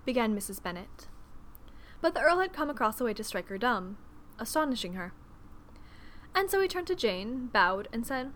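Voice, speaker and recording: A woman narrating an audiobook in an expressive, measured storytelling manner. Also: fairly high pitch, slight background noise.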